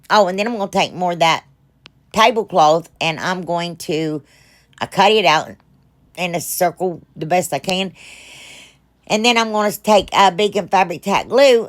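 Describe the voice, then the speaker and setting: A middle-aged woman with a drawl talks through her craft project in a fairly low voice. She rambles, pokes fun at herself and scatters fillers as she goes. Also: moderate pace. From United States. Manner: rambling, self-deprecating, chatty with fillers. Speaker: craft channel host. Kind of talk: casual crafting voice-over.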